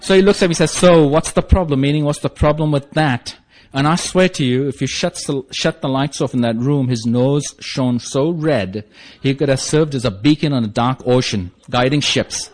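Speaking at a normal pace in a mid-range voice, a man with a non-native English accent shares a humorous recovery story, poking fun at himself and laughing along the way.

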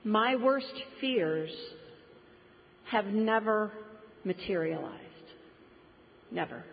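A woman telling her story to a recovery meeting, slowing down to lean on key words. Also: medium pitch, lively intonation, vocal fry, a little hiss or hum. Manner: storytelling, slow deliberate emphasis on key words. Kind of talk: personal testimony to a group. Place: meeting room before a group. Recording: dull recording with long hall reverb.

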